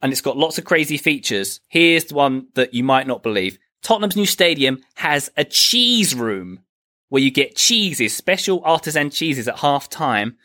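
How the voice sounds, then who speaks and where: A man's voice: mid-range voice, animated, moderate pace, pushed and bright. A man hosting a casual comedy podcast as the quizmaster, dry and teasing. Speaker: quiz host.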